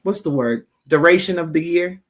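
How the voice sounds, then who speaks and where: A woman's voice: fairly low pitch, normal speed. A woman co-hosting a podcast, chatting casually and telling stories with laughs. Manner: laughing, animated storytelling. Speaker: podcast co-host. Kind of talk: casual chat.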